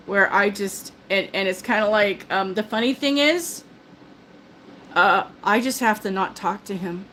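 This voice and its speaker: A woman's voice: mid-range voice, measured pace, a bit bright, a little hiss or hum, poor audio. An older woman hosting a live stream, chatting casually and rambling with lots of restarts; she calls herself a big talker. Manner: chatty, self-described talker, many restarts.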